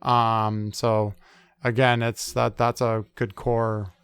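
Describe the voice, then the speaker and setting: A man's voice: on the low side, level tone, takes it slowly, a bit bright, smooth, dry recording. A man in his thirties, a sport psychologist in a conversational interview, talking with many fillers and acting out quoted complaints.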